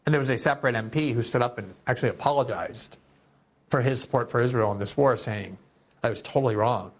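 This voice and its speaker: A man's voice: mid-range voice, fast. A man hosting political commentary, reading news quotes aloud and adding indignant, sarcastic remarks. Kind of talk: opinionated commentary on news clips.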